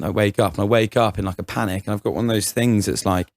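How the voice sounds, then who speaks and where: A man's voice: fairly low pitch, fairly even intonation, quick pace. A young man telling a rambling story on a casual podcast, full of fillers, restarts and laughter. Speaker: podcast co-host.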